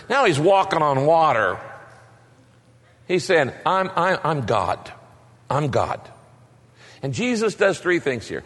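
A man's voice: a little high, a bit bright. A man preaching a sermon as pastor, emphatic and fond of repeated rhetorical questions. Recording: long reverb of a large hall.

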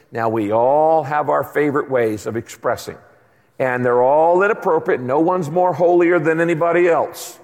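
A man in his sixties preaching a sermon as pastor, telling stories in a conversational, humorous way in a large church auditorium. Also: fairly high pitch. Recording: long hall reverb.

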